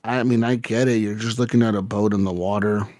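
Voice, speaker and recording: A man co-hosting a casual podcast tells a long, rambling story packed with swearing. His voice is on the low side and darkish, with fairly even intonation and a brisk pace. The recording is dry and studio quality.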